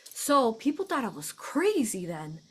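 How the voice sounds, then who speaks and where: A woman's voice: fairly high pitch, big pitch swings, a little slow, fairly bright tone, breathy edge. Effusive woman hosting a spiritual live stream. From United States. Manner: chatty, effusive, laughs often, many fillers. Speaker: host of a spiritual live show. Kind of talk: casual live-stream talk.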